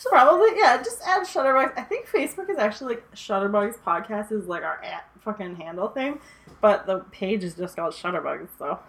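A woman's voice: medium pitch, expressive, a little fast. A young woman co-hosting a podcast, with a giggly, rambling, joking way of talking. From Canada. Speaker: podcast co-host. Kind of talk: casual podcast chat.

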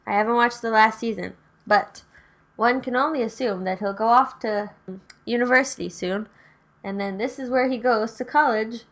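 A woman's voice: a little high, moderate pace, a bit bright. A young woman in casual chat about horror films, dry and matter-of-fact.

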